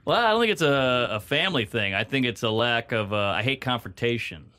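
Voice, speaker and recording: A man from Louisiana chatting on a podcast as a guest comedian. His voice is bright and forceful. He tells stories animatedly and acts out the people in them. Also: medium pitch, animated, brisk. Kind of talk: casual podcast chat.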